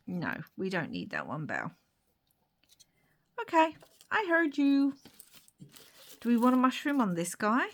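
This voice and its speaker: A young woman chatting casually to her viewers while she crafts, laughing often and dropping into soft whispered asides. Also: fairly low pitch. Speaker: craft vlogger.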